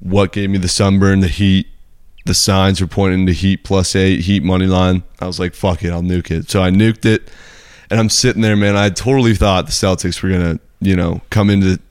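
A man's voice: deep voice, steady tone, normal speed, darkish tone, clean tone, no echo, studio quality. A young man co-hosting a podcast, talking in a laid-back, casual way about sports bets and swearing casually. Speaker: podcast co-host.

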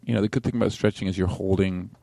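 A man co-hosting a podcast in easy chat, with a fairly low voice. He stops and restarts often and trails off. The recording is close and dry. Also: fairly even intonation, vocal fry, mellow, husky, no room sound. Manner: halting, easygoing, trailing off. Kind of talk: casual comedic chat.

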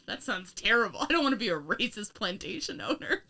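Bright-voiced woman chatting sarcastically. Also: medium pitch, very animated, a little fast. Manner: rambling, laughing, profane, sarcastic. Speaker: podcast co-host. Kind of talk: casual film review chat.

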